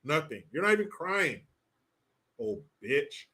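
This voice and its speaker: A man with a bright, fairly high voice that swings widely in pitch hosts a casual commentary stream. He reads out viewer messages and then mocks and swears at his targets. He talks at an unhurried pace. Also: very animated. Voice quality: mocking, swearing, breaks into laughter.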